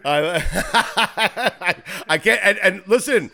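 A man hosting a sports talk show, excitable and joking, laughing often and swearing in casual banter. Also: high voice, takes it slowly, gravelly. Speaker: host.

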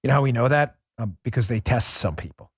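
A man's voice: medium pitch, lively intonation, quick pace, husky, no room sound, studio quality. A man hosting a political commentary podcast. He talks in an emphatic, sarcastic way, with rambling asides. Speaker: podcast host. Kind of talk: conservative political commentary with host-read ad.

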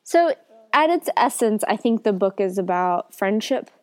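A woman's voice: medium pitch, lively intonation, measured pace. Woman talking books with a cold. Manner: rambling, self-correcting. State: has a cold. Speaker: podcast co-host. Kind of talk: casual book review chat.

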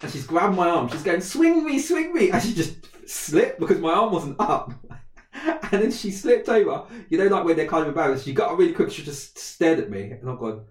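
A man's voice: a little high, animated, brisk, echoey room, recorded from a distance. A man co-hosting a podcast, telling a story in casual chat and acting out a child's voice. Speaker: podcast co-host.

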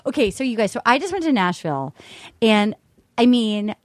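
A woman co-hosting a podcast in casual chat, telling stories with gushing excitement. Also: fairly high pitch, normal speed, dry recording. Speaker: podcast co-host.

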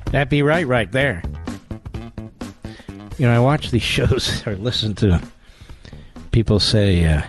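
A man's voice: mid-range voice, expressive, slow pace, pauses often, soft background music. A man with a Philadelphia accent hosting a talk radio show, delivering a sarcastic, combative monologue.

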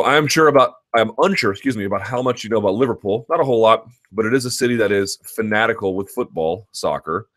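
A man hosting an unscripted live-stream chat about combat sports, analytical and emphatic, talking in long, looping sentences with restarts and repetitions. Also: sits low.

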